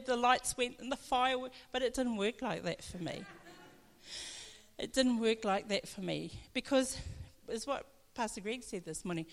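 A woman's voice: on the high side, fairly bright tone. A woman pastor gives a chatty personal testimony in church, often laughing as she tells her story. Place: church hall. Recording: long hall reverb.

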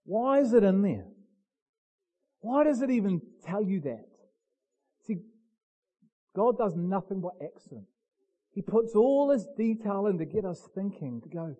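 Male preacher, high mellow voice, dramatic sermon delivery. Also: big pitch swings, normal speed, long pauses, low-quality recording. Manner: preaching with dramatic swings from low murmur to shouting.

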